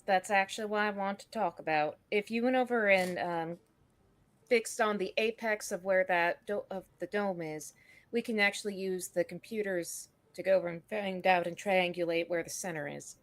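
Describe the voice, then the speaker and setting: A woman's voice: mid-range voice, normal speed. A woman playing a tabletop role-playing game, talking casually and slipping into a put-on country accent. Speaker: player.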